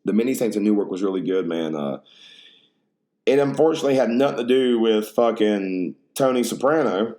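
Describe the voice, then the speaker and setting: A man's voice: medium pitch, expressive, brisk, a little mellow. A man hosting a podcast in casual chat, rambling, profane and full of slang. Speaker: podcast host.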